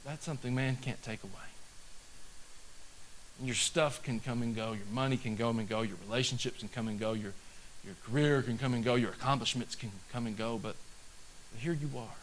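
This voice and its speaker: A male pastor delivering a sermon, shifting from easy conversational talk to loud, slow, emphatic declarations. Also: medium pitch, steady tone, a little hiss or hum, poor audio.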